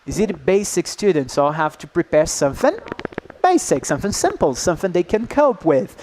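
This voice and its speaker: A man presenting a live workshop to teachers, lively and engaging, often checking in with the group. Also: high voice, brisk, slight background noise. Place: indoor workshop room.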